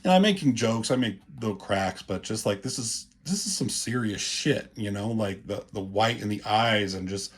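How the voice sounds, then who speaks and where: A man giving casual, rambling commentary on comic pages, profane and full of filler words, with a husky voice. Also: fairly low pitch, normal speed, few pauses.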